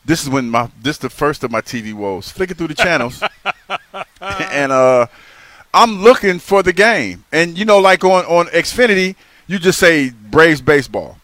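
A man co-hosting a live sports radio show, telling stories in an animated way and often repeating and restarting phrases. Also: on the high side, moderate pace. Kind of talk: casual sports radio banter. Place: live remote broadcast at a racetrack. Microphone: broadcast microphone.

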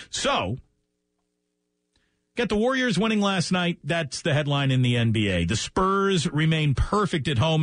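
A man hosting a sports radio show, running through scores in a brisk, joking, chatty way and taking calls in a studio. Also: fairly low pitch, no room sound.

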